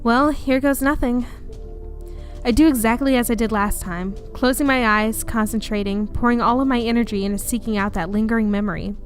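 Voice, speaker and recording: A woman's voice: on the high side, fairly even intonation, a little fast, faint music behind. Chatty, giggly woman reading aloud. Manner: chatty, giggly, easily sidetracked. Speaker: let's play host reading a story game. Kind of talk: casual narration and chat. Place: home room.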